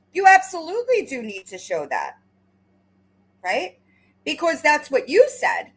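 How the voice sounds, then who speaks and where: A woman with a somewhat high voice delivers commentary on a clip, speaking sharply and sarcastically. She stumbles into repeated restarts as she presses her points, and the tone stays confrontational throughout. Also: husky, poor audio. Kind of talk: reaction commentary.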